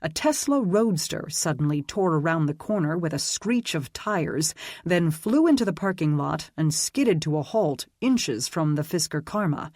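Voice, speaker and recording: An audiobook narrator reading a dark fantasy story in a steady, even storytelling manner. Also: mid-range voice, normal speed, no room sound, studio quality. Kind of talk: scripted narration.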